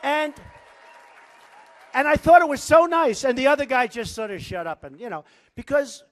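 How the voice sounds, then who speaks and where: Male candidate at a rally; boastful, repetitive, off-the-cuff delivery, lively up-and-down pitch. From United States. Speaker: political candidate speaking at a rally. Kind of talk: campaign rally speech. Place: large indoor rally venue.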